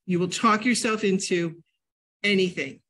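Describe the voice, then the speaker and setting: An older woman from New England giving a casual health talk at a library, a chatty, animated storyteller. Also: mid-range voice, measured pace. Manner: chatty, animated storyteller with sudden loud jumps and laughs. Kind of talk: casual lecture with personal stories.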